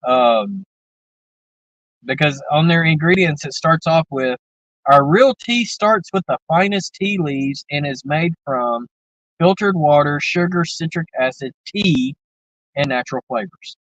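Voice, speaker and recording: A man's voice: fairly high pitch, lively intonation, measured pace, a bit bright, dry recording. Chatty Southern man, dull dry sound. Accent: Southern American. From American South. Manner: rambling, drawling, with many fillers. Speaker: livestream host chatting with viewers. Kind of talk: casual chat.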